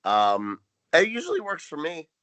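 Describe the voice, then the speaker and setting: Dry, crisp-voiced man podcaster. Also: fairly high pitch, normal speed, dry recording. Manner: dry, wry storytelling, deadpan jokes. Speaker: podcast co-host. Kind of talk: casual recap chat.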